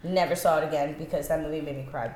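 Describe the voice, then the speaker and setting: A woman's voice: low voice, fairly even intonation, quick pace, a little mellow. A woman co-hosting a podcast in casual chat, teasing and swearing, laughing often. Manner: teasing, profane, laughs a lot. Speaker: podcast co-host. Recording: echoey room, faint noise.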